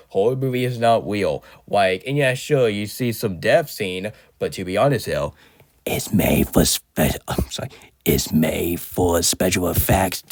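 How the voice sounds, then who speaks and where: A man's voice: lowish voice, clear, resonant tone. A man with a sick voice giving a rambling, casual movie review as host of his channel, often correcting himself and ranting in exasperation.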